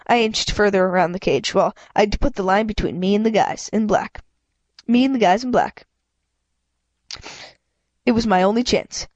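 A woman's voice: a little mellow, no room sound. Woman reading a storybook aloud. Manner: reads with frequent stumbles and restarts, voicing characters with raised pitch; apologizes and comments between passages. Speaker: amateur reader. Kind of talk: reading a children's book aloud.

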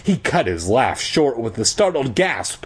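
Husky man reading a story with crude asides. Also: measured pace. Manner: adds crude joking asides; lively, rises high for quoted lines. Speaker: reader. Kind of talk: comedic book reading with asides.

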